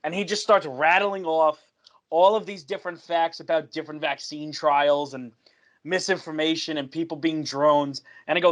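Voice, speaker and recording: A man's voice: on the high side, normal speed. A young man co-hosting a casual podcast, telling a story and acting out the dialogue of the people in it. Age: young adult. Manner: animated storyteller who acts out quoted dialogue.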